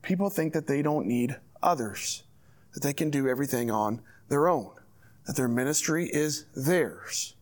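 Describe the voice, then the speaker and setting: A man's voice: mid-range voice, moderate pace. A man preaching a sermon as pastor, reading scripture and urging his church in an earnest, direct way.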